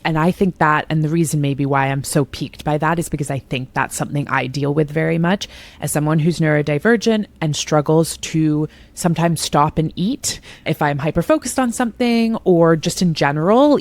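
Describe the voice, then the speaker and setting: A woman's voice: low-pitched, fairly quick, darkish tone, no echo. A woman in her thirties hosting a podcast interview, talking in an enthusiastic, chatty and self-deprecating way. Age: 30s. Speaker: podcast host. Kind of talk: conversational interview.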